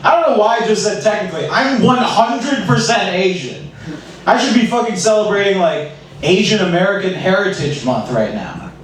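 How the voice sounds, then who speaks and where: A man doing a self-deprecating stand-up set at an open mic with a dry, deadpan delivery. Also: high-pitched, moderate pace. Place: small comedy club stage. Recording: echoey room, far from mic.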